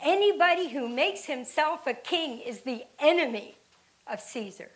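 A woman's voice: sits high, animated, a little slow. A woman voicing a demanding crowd of male priests in a scripture reading, raising her voice insistently. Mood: angry. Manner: raised, insistent shouting.

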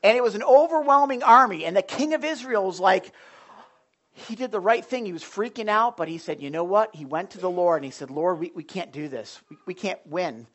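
A pastor preaching a sermon in a loose, conversational way, with jokes and asides to the congregation. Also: male voice, sits high, brisk, a bit bright.

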